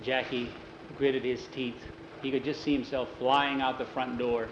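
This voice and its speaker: A man's voice: mid-range voice, level tone, a little slow, reverberant, lo-fi sound, background noise. A man telling a story aloud in a casual, conversational way, with many "he says" tags. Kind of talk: oral storytelling.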